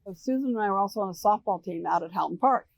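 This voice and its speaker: An older American woman answering interview questions, telling animated stories and acting out the voices of people she quotes. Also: medium pitch, fast talker, creaky, no room sound. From United States. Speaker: interview guest. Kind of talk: relaxed storytelling interview.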